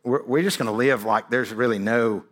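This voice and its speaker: A male pastor delivering a sermon at an ordinary, middle pitch. He preaches in a conversational way, checking in with "right?" and stumbling over repeated words as he builds each point. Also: normal speed, fairly bright tone.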